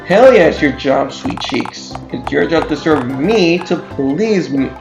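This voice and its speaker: A man's voice: fairly high pitch, animated, a little slow, vocal fry, highs cut off. A man voicing a crude, brash male mugger who talks in a put-on street drawl. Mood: sleazy. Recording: echoey room with game music.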